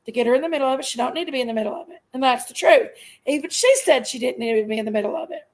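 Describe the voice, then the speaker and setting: A middle-aged woman with a high, gravelly voice, ranting on a live stream. She vents in an aggrieved, emphatic way and circles back to the same points. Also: rapid-fire, low-quality recording. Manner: aggrieved, emphatic venting, repeats herself. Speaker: livestream host. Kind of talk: casual live-stream rant.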